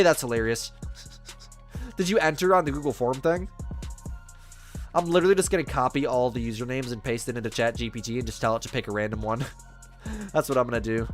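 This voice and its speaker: A man hosting a live game stream, casually chatting with viewers and reading their messages in a chummy, laid-back way. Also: medium pitch. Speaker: livestream host.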